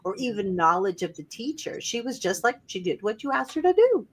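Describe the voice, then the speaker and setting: A woman's voice: fairly high pitch, brisk, husky. A middle-aged woman co-hosting a casual spiritual podcast, telling stories and acting out quoted voices with animation. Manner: storytelling, animated when quoting others. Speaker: podcast co-host. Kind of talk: casual conversation.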